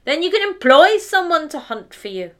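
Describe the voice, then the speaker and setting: A woman's voice: high-pitched, very animated, moderate pace, bright, forceful tone, voice pushed up, full character voice. A woman voicing a pompous, know-it-all old father who lectures his family. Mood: lecturing.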